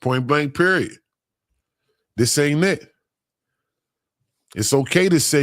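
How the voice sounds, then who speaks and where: A man's voice: fairly high pitch, slow pace, pauses often, a bit bright, no echo, clean studio sound. A man hosting a casual livestream, reading chat comments aloud, using laid-back slang and teasing with frequent laughs. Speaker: livestream host.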